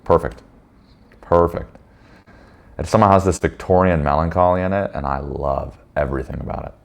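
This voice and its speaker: A man with a very low, deep voice gives a casual motivational talk to a men's group. He is blunt and emphatic, swears freely, and keeps asking his listeners "right?". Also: steady tone, a little fast. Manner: addresses listeners with frequent "right?" tags.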